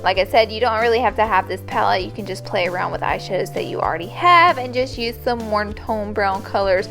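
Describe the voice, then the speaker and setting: A woman's voice: mid-range voice, fairly quick, a bit bright, soft background music. A young woman chatting through a casual makeup tutorial, bubbly and gushing as she talks. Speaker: beauty YouTuber.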